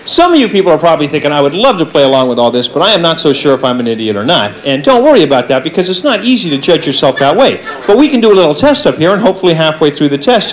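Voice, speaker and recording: A man doing a stand-up comedy routine on stage, talking to the audience with an animated delivery and acting out little voices. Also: poor audio. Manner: lively, animated delivery with big pitch swings and acted-out voices. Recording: live stage set with audience laughter. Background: faint audience laughter.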